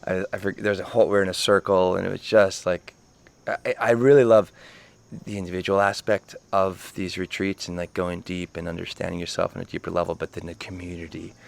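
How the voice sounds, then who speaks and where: A man's voice: low-pitched, flat delivery, a little fast, vocal fry. A man co-hosting a podcast, reflecting in casual conversation, thoughtful and searching for words with lots of "like.". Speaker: podcast co-host. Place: retreat center in Costa Rica.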